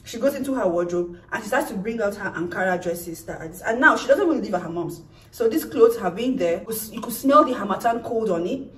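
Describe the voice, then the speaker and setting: A young woman telling a personal story in an animated vlog, acting out what people said. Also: medium pitch, quick pace, recorded from a distance. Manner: animated, acts out quoted lines. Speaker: vlogger. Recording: echoey room, off-mic.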